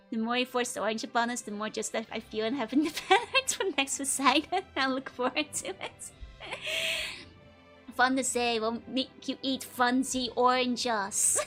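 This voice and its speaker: A woman's voice: a little high, unhurried, a bit bright, soft background music. A young woman from the Netherlands, chatting casually with viewers on a live stream, giggling constantly and teasing playfully. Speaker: VTuber streamer.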